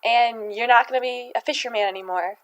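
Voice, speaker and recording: A man's voice: very high voice, a little fast, fairly bright tone, poor audio. A woman voicing Jesus as a laid-back, self-assured man who talks in casual slang. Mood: reassuring.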